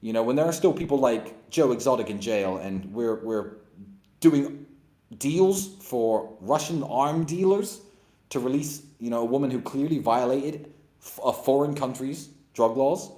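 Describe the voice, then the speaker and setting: A man's voice: mid-range voice, a little slow, mellow. A man in his thirties giving a blunt, scornful opinion monologue as a commentator. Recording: roomy echo.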